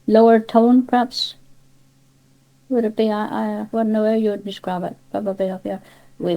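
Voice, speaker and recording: An older woman with a warm, dark Cornish voice talks in an easy, rambling way, often restarting her sentences. Her middling pitch stays relaxed as she answers the interviewer. It comes from an old cassette tape. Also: vocal fry, poor audio. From Cornwall. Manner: chatty, rambling, with many restarts and asides. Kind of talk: dialect interview.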